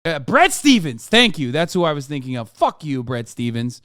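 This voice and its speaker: A man's voice: a little high, sing-song, normal speed, a bit bright, no room sound, clean studio sound. A man streaming a sarcastic, profane rant while reacting to news articles. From United States. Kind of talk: ranting commentary.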